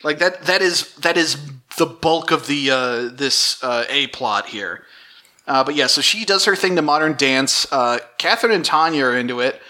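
A man's voice: a little high, lively intonation, normal speed, bright, forceful tone. A man hosting a podcast, casually recapping episodes with fillers and wry jabs.

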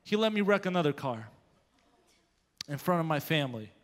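A man preaching a sermon in a church, his voice a touch high and ringing with long hall reverb. He tells personal stories in an animated way, swinging from hushed to loud. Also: normal speed. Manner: animated, grows loud when telling of anger. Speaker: pastor. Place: church sanctuary.

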